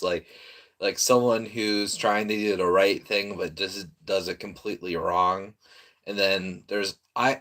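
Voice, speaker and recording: A man hosting a live reaction stream, talking loosely in a slightly low voice. He rambles, restarts his sentences and keeps dissolving into laughter. It sounds like a casual, unscripted chat with viewers. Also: fairly bright tone.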